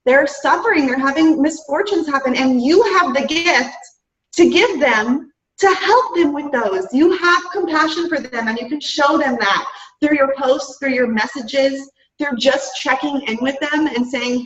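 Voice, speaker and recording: Upbeat high-voiced woman coaching her team. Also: measured pace, fairly bright tone. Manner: upbeat, chatty, lots of "guys" and "right?". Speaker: fitness business coach. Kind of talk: motivational talk to a team. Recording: roomy, distant, dull-sounding mic.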